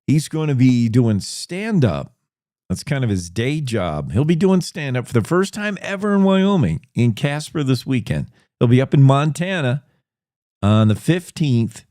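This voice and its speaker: Male talk-show host, slow, chatty and rambling, dry close sound. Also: medium pitch, warm tone, no echo. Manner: rambling, chatty, thinks aloud with restarts. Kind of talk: casual news chat.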